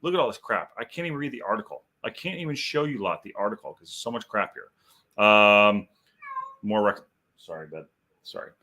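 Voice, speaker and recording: A man's voice: fairly low pitch, brisk, bright, forceful tone. A man hosting a live football podcast, chatting loosely and reading articles aloud with rambling asides. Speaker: podcast host. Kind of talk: live-stream podcast chat.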